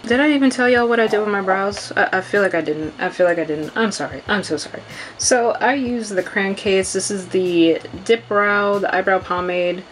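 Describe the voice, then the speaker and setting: A woman's voice: medium pitch, normal speed, a little hiss or hum, poor audio. A young woman chatting casually through a makeup tutorial at home, talking to her viewers as girl and y'all, and often apologizing. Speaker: beauty vlogger.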